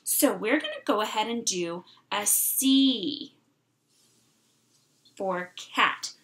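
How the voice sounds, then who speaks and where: A middle-aged woman teacher leading an online writing lesson for young children, sounding out words slowly and clearly. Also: on the high side, sing-song, a bit bright.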